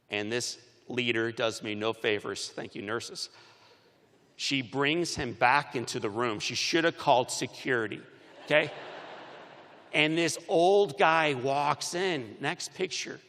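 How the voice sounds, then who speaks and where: A man giving a commencement speech, telling stories with animated shifts between loud and soft, recorded in a large arena. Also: mid-range voice, big-room sound. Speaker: commencement speaker. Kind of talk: motivational speech.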